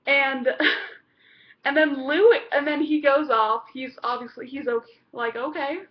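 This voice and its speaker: High-voiced rambling woman reviewer. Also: steady tone, a little slow, lo-fi sound. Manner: rambling, with many fillers and restarts. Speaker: TV episode reviewer. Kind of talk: casual chat.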